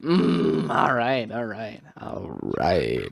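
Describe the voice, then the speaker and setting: A young man narrates his own gameplay in a loose, rambling way, thinking aloud and restarting his sentences often. His voice rises and falls with a lot of melody, and he talks at an unhurried, slow pace. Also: mid-range voice, sing-song, gravelly, dry recording. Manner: rambling, self-talking, musing aloud with restarts. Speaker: gaming video creator. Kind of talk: casual gameplay commentary.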